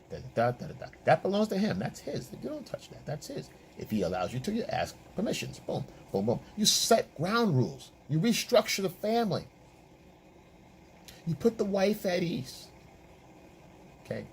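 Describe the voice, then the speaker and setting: A man's voice: medium pitch, slight background noise. A man working as a dating and relationship coach, giving opinion commentary in an emphatic, repetitive, lecturing way.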